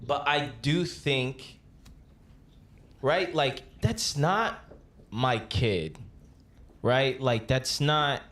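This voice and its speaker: A man co-hosting a casual podcast chat, quick to laugh and push back on the others. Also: mid-range voice, a bit bright. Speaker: podcast co-host.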